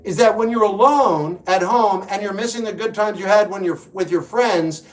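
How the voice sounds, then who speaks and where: Jersey guy on a livestream, kinda high voice, blunt dry advice to chat. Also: normal speed. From New York / New Jersey. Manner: blunt, wry advice-giving. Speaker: livestream host and musician. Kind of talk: casual livestream chat answering viewers.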